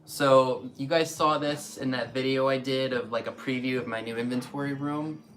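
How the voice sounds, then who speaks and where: A man's voice: mid-range voice, steady tone, moderate pace, a bit bright. Easygoing man showing antiques on stream. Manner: easygoing, brief replies, showing items. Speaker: antiques seller. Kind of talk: casual live stream chat.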